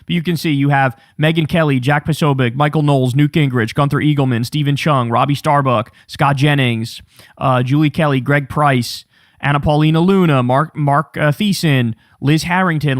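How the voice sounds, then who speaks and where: A man's voice: on the high side, moderate pace, dry recording, clean studio sound. A man hosting an online political commentary show, blunt and sarcastic.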